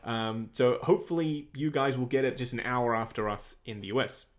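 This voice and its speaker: A man's voice: medium pitch, brisk. A young Australian man hosting a casual livestream, reading viewer questions aloud and answering them in a chatty way. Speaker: livestream host answering chat.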